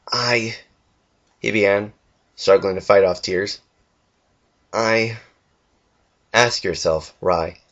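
A young man earnestly reading a fan story aloud, with the odd stumble and restart. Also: fairly low pitch. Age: young adult. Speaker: fanfiction reader. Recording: dull lo-fi home recording.

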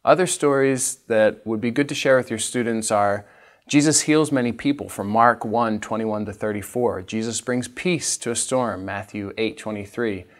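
A man's voice: lowish voice, normal speed. A man teaching a literacy training session, patiently demonstrating each step for teachers. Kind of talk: instructional training talk.

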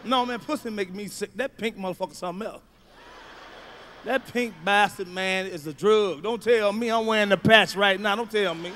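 Middle-aged man, stand-up comic, high voice, rowdy and profane, faint hum of the room behind. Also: moderate pace. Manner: loud, profane, swings to shouting. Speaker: stand-up comedian. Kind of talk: stand-up routine.

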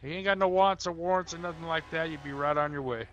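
A man playing a police officer in a game roleplay, talking in a relaxed, colloquial drawl. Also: on the high side, quick pace, slight background noise. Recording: dull lo-fi sound.

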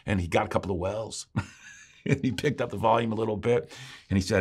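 A man pastor telling a story in a sermon, moving from quiet, slow lines to loud, rising refrains. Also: lowish voice, husky. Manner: builds from quiet drawl to shouted refrain.

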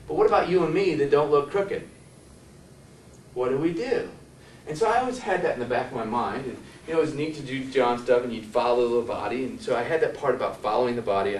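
A man's voice: mid-range voice, a little mellow, a little hiss or hum. Rambling male therapist in an echoey room. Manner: rambling storyteller, asks the audience questions. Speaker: physical therapist teaching a workshop. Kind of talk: anecdotal lecture to a live audience. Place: workshop room with an audience. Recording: echoey room from a distant mic.

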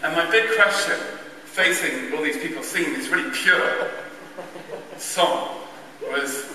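A man with a fairly high voice spins a wry, self-deprecating anecdote for a church crowd. He is picked up from well back, and his words ring through a long, echoing hall. Faint room murmur sits behind him. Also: a little slow, background noise. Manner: wry, self-mocking, chuckling anecdotal delivery. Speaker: speaker at a church carol event. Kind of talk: humorous storytelling to an audience. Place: large church. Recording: distant echoey church recording.

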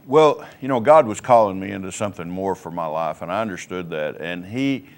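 Low-voiced man giving a plainspoken testimony. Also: animated. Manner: plainspoken, halting, many fillers. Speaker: co-host sharing his recovery testimony. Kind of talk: personal faith testimony. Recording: local cable TV studio.

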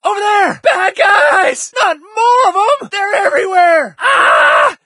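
A man voicing a panicky, cowardly ship crewman in a video game, yelling frantic combat lines. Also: very high voice, sing-song, normal speed, no echo, studio quality, exaggerated voice. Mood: panicked. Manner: shouted frantic panicky outbursts. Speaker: game character.

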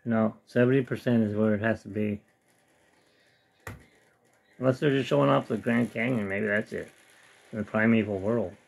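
A man's voice: on the low side, fairly even intonation, moderate pace, creaky, long pauses. A man casually talking through his hobby work on a webcam at home, rambling and talking to himself as he tinkers. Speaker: hobbyist vlogger. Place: home hobby room with model train layout.

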